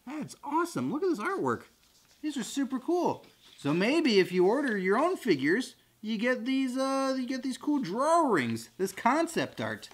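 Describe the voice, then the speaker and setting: Male unboxing host, goofy and jokey, very lively pitch. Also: measured pace. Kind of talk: excited unboxing chatter.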